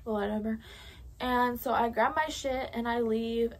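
Chatty teenage woman, slightly high voice. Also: fairly even intonation, unhurried. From California. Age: late teens. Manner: casual, profane, lots of "like" fillers; drops to a whisper for asides. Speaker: vlogger. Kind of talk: storytime vlog.

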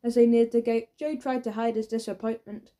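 A woman narrating a children's audiobook with lively storytelling. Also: fairly high pitch, a little fast. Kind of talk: scripted narration.

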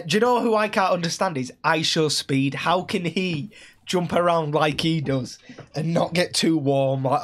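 Chatty streamer, fairly high voice. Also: male voice, slight background noise. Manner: chatty, repeats himself, laughs at his own jokes. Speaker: game streamer. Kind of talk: casual live-stream chat while gaming.

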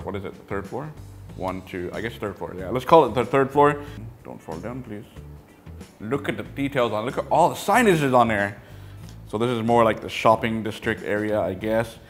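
Excitable man gushing over a toy set. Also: lowish voice. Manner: excitable, gushing, often trailing off into mumbles. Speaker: toy reviewer. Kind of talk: casual product review.

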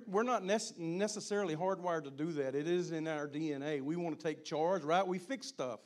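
A middle-aged man preaching to a men's gathering and praying, repeating his phrases and building up to a shout. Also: on the high side, brisk, few pauses. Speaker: guest speaker at a men's gathering. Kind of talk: sermon and prayer.

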